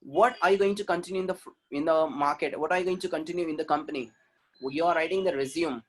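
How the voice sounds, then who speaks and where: An Indian-accented man gives an online webinar talk as a communication trainer, with a voice pitched high for a man. He speaks emphatically, repeats his key points and often asks the audience questions. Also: fast, a bit bright.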